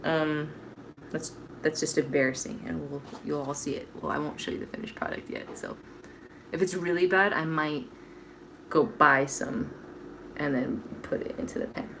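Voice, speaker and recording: A woman's voice: sits low, steady tone, moderate pace, creaky, noisy background. Chatty woman baking on a livestream. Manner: chatty, self-deprecating, reads viewer comments aloud. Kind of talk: casual livestream chat while baking. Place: home kitchen.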